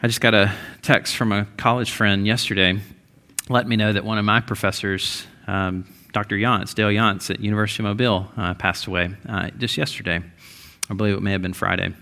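Guy preaching a sermon, bright tense voice, chatty, keeps restarting then gets loud and high. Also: steady tone, fairly quick. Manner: conversational with many restarts, rising emphatic stretches. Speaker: pastor.

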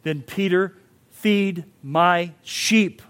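A male pastor voicing a gentle grown man, a teacher calmly questioning his follower. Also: high voice, extremely slow, full character voice.

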